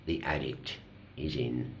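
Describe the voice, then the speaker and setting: A middle-aged man with a very low, gravelly voice talks frankly in a personal vlog, swearing now and then and running himself down. He tells a parable slowly, with long pauses. A faint hiss of noise sits under his voice. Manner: blunt and self-deprecating, swears, slow deliberate storytelling with pauses. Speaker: recovering addict sharing his story.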